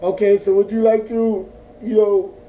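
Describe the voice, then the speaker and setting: A man imitating a smooth-talking male phone scammer in a raised, mock-polite voice. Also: high-pitched, level tone, normal speed, dark tone, lo-fi sound, voice pushed up, close to an everyday voice. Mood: wheedling. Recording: distant mic, faint background noise.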